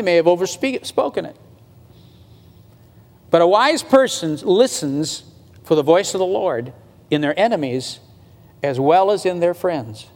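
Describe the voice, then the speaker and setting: A man with a high voice, preaching a sermon in a relaxed, conversational way. He slows right down to stress a point and climbs higher when he presses it home. The sound carries a long reverb, as in a big hall. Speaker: pastor.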